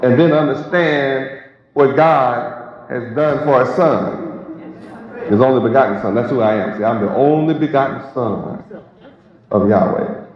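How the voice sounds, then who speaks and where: A man's voice: medium pitch, a little slow, long pauses. A man preaching a sermon to a live congregation, emphatic and repetitive, posing rhetorical questions. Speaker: preacher and teacher. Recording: echoey, dull lo-fi recording with crowd.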